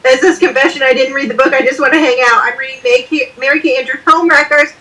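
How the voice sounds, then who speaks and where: A woman's voice: high-pitched, steady tone, fast, pushed and bright, far from the mic. A woman co-hosting a book club livestream over a video call, talkative and joking. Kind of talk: casual chat.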